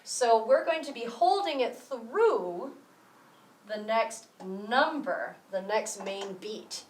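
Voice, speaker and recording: In a room with plenty of echo, a woman speaking from some distance gives a rhythm lesson. Her voice is a little high and expressive, her pace slow, and she explains each step while counting beats aloud.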